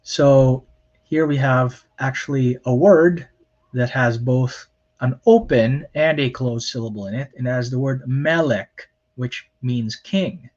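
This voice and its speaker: A man lectures on grammar at a slow, unhurried pace. He explains plainly and corrects himself often, with frequent ums. The recording sounds dull and lo-fi. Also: medium pitch, darkish tone. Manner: plain explanatory, many fillers and self-corrections. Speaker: Hebrew lecturer.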